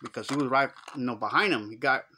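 A middle-aged man talks fast in a sharp, medium-pitched voice, with slight background noise present. His Los Angeles Chicano English shapes a casual, slang-heavy story in which he acts out the quoted lines.

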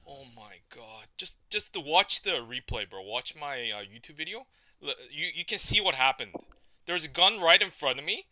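A man's voice: fairly high pitch, expressive, normal speed, sharp tone. A young man streaming gameplay, ranting in frustration and swearing a lot. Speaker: gaming streamer. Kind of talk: live gameplay commentary.

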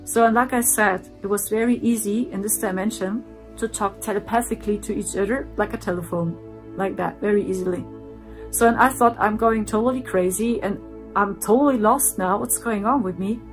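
A woman telling her own story in earnest, repeating herself and dropping to a hushed voice for the dark parts. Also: medium pitch, brisk, soft background music. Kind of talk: personal storytelling.

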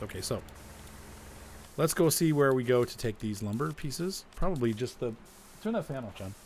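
A man's voice: medium pitch, a little hiss or hum. Chatty man grumbling through gameplay. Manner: chatty, grumbling at game glitches. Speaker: gaming video host. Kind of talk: casual gameplay commentary.

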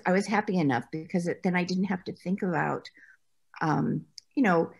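A former actress from the US talks as an interview guest, recounting her acting work in a chatty, anecdotal manner and laughing a lot. Her fairly low voice is husky and creaky, and her pace is moderate. The setting is a conversational interview.

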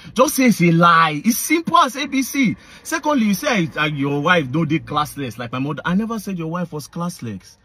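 Male vlogger, Nigerian Pidgin accent, husky voice, swings high and low in a heated rant. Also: fairly bright tone, no echo. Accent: Nigerian Pidgin English. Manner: heated, accusatory, addresses his targets directly. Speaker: online commentator. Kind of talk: confrontational vlog rant.

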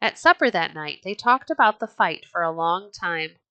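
Rich: A woman reads an old storybook aloud with a gentle, measured delivery. Her voice is bright and clear, and it sits close and dry with no room sound. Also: fairly low pitch, animated, no echo, dull audio. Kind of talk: storybook read-aloud narration.

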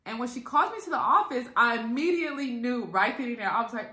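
Animated, cursing woman telling a story. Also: fairly high pitch, quick pace. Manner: animated, profane, acts out quotes. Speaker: vlogger. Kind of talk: casual storytelling to camera. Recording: echoey room.

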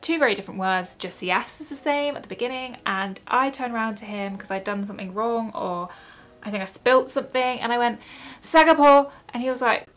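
A young woman talks into her camera at home in a fairly high voice. She is giggly and self-mocking, sounding words out haltingly and laughing at her own attempts. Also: a bit bright, soft background music. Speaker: YouTuber. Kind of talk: casual vlog chat.

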